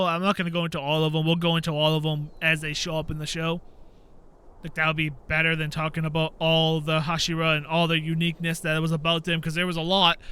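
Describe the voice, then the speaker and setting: A man hosting a gaming channel, chatting casually while he plays and acting out quotes in a high voice. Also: pushed and bright, clear, resonant tone. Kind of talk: casual commentary while playing.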